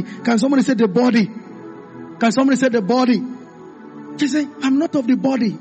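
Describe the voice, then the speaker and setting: High-pitched impassioned preacher. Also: male voice. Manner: call-and-response, rising to impassioned shouts. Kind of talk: sermon.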